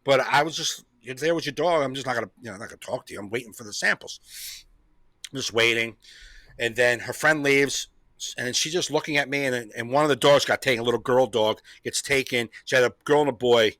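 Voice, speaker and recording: A man's voice: medium pitch, brisk, fairly bright tone, no echo. A man hosting a comedy podcast, telling a rambling story in casual chat, repeating himself and laughing often.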